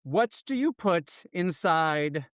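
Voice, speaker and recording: Man, American accent, playful, mock-formal, slow, dry close mic. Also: on the high side, lively intonation, a bit bright, no echo. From United States. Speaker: podcast co-host. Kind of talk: casual podcast chat.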